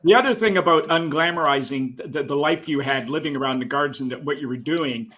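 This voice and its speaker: Fast-talking man hosting a podcast. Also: a little high, fairly bright tone, slight background noise, rough recording. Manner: fast, eager set-up of questions. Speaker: podcast host. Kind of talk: casual podcast interview.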